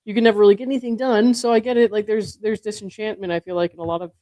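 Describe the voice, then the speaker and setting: A woman's voice: medium pitch, fairly even intonation, very fast, warm tone, no echo. A woman hosting, talking in a chatty, rambling way and laughing often during a casual chat. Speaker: host.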